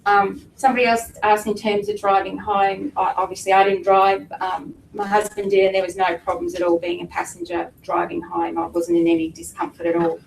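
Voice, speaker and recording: A middle-aged woman giving an emotional personal testimony to an audience, halting and fighting back tears. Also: mid-range voice, little pitch movement, vocal fry, slight background noise. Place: meeting room with an audience. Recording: echoey room from a distance with faint ambience.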